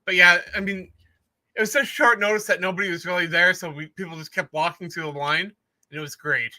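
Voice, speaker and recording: Bright, high-voiced man podcast co-host. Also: steady tone, fairly quick. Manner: chatty storyteller, laughs easily. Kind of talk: casual sports chat.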